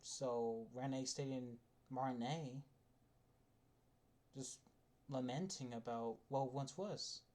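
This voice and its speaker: A man's voice: medium pitch, takes it slowly, long pauses, a little mellow. A man delivering a casual, rambling spoken rant as a video essayist, with frequent restarts and the odd swear.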